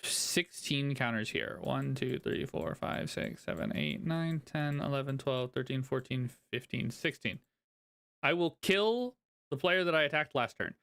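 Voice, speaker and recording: A man talks through his card game play as he goes, thinking aloud and counting cards out loud, with a laugh slipping in often. His voice is smooth and clear, sitting at an ordinary pitch for a man. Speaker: card game content creator. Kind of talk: casual gameplay commentary.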